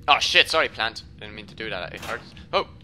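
A young man giving casual gameplay commentary as a let's play host, joking, swearing often and reacting loudly when startled. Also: fairly low pitch, animated, fairly quick, slight background noise. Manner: jokey, swears a lot, loud startled reactions.

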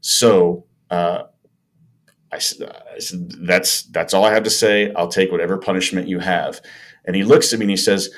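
A middle-aged man with a very low voice tells stories in a relaxed podcast interview. He acts out the other people in his stories and jumps between narration and dialogue. He is from the Chicago area. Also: normal speed. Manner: animated storyteller acting out quoted dialogue. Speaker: podcast guest, former baseball player. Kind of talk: casual storytelling in a podcast interview.

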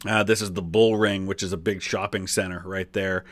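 Chatty low-voiced man reacting to a video. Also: little pitch movement, normal speed, a bit bright. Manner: chatty, filler-heavy, explanatory. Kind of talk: casual commentary.

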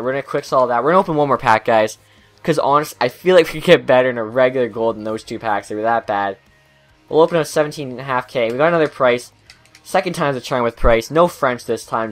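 Excitable young man opening game card packs. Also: mid-range voice. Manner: excitable, swearing, groaning at bad luck. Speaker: gaming channel host. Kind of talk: pack opening commentary.

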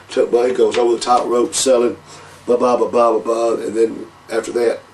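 Gravelly man telling stories. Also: on the low side, distant mic, a little hiss or hum, low-quality recording. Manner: profane, animated, calls people brother, laughs often. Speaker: interview guest, former wrestler. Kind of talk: casual storytelling interview.

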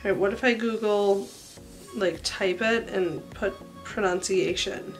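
A woman's voice: medium pitch, measured pace, over music. A woman in her twenties, a hairstylist chatting casually in a bubbly, self-mocking way for a vlog. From Central Illinois. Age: 20s.

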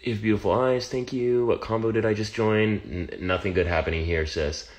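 Reading viewer comments off his phone during a relaxed livestream Q&A, an American man responds with dry, playful teasing. He speaks fairly quickly in a lowish voice with fairly even intonation.

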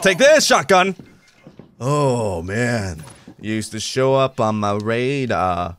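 A young man giving excitable, joking commentary over his own gameplay, making gun sound effects and yelling when surprised. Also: medium pitch, moderate pace, a little hiss or hum. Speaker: gaming YouTuber.

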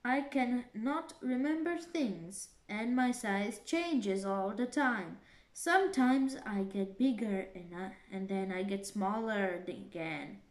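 A woman voicing Alice, an earnest, puzzled young girl, in a bright, emphatic girlish voice for a storybook reading. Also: mid-range voice, takes it slowly, roomy sound, lightly acted.

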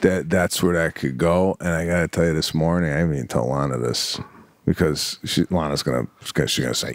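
A man with a fairly low voice tells his story with animation, acting out the family scenes in a relaxed chat. The sound is dry and close, with no room around it. He keeps an easy, casual tone as a podcast co-host. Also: brisk, dry recording.

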